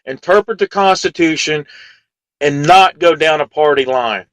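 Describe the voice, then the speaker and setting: A man co-hosts a talk radio show in an earnest way, often restarting his words. His voice sits a bit high, close and dry on the mic. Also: moderate pace, no room sound, low-quality recording. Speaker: radio co-host.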